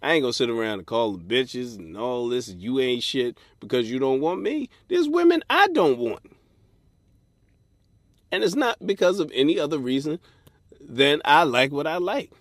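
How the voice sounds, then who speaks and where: A man's voice: mid-range voice, big pitch swings, normal speed, no echo, clean studio sound. A man hosting a comedy podcast, delivering a blunt, profane, advice-giving monologue and acting out quoted voices. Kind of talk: stand-up style comic monologue.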